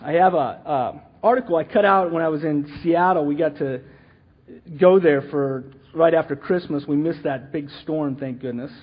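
A middle-aged man gives an animated, rambling church talk, restarting his sentences and wandering into asides. His voice sits high and sounds husky. The recording is dull and muffled. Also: moderate pace. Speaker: lay teacher.

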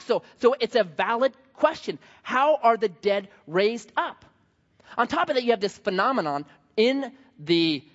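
A man preaching a sermon, telling stories with humor and playful asides. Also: high voice. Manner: animated storytelling, joking. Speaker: pastor. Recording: dull sound in a large reverberant hall.

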